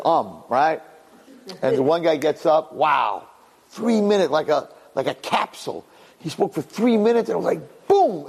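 A middle-aged man, a rabbi, telling stories to an audience in an animated way, repeating phrases and acting out dialogue. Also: a little high, creaky, husky. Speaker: rabbi and speaker. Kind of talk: storytelling talk to an audience. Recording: long reverb in a hall.

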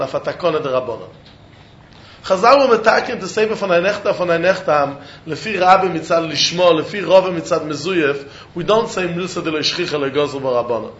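A man teaching Talmud with a high voice and a rising, questioning sing-song as he argues both sides of each point. The sound is dull and muffled, carried through a roomy, echoing space. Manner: animated sing-song study chant, questioning and answering himself. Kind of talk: Talmud lecture in Yeshivish English. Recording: dull echoey room recording.

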